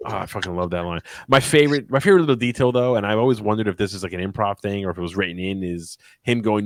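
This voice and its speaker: A man co-hosting a podcast, chatting casually and jokingly about a movie, animated and swearing now and then. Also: fairly low pitch, very fast, hardly any pauses, dry recording. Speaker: podcast co-host. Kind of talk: casual movie review chat.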